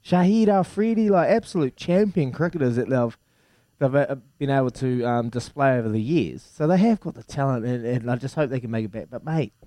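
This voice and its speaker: A man's voice: medium pitch, fairly quick, dark tone, dry recording. A man with a New Zealand accent hosting a breakfast radio quiz, in jokey, matey banter. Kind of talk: casual breakfast radio chat.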